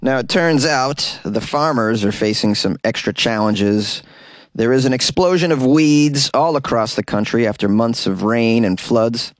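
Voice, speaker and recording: A man's voice: medium pitch, measured pace, no echo. A man hosting a comedic news podcast, reading stories and breaking off into sarcastic, jokey asides. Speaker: podcast host.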